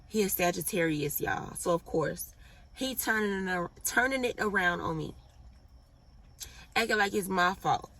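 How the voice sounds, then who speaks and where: A young woman vlogger telling a storytime in a casual, animated and profane way. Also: mid-range voice, recorded from a distance. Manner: animated, blunt and profane, laughs at her own story.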